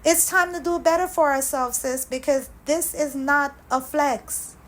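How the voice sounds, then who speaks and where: High-voiced woman ranting in a vlog. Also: a little slow, fairly bright tone, rough recording. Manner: impassioned ranting, repetitive emphasis. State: angry. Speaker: commentary channel host. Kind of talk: reaction vlog commentary.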